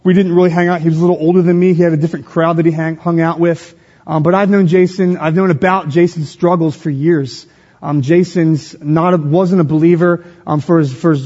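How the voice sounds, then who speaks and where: A man from Philadelphia preaching a sermon as pastor, with an expressive call-and-response delivery. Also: a little high. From Philadelphia, USA. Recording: dull lo-fi sound with long hall reverb.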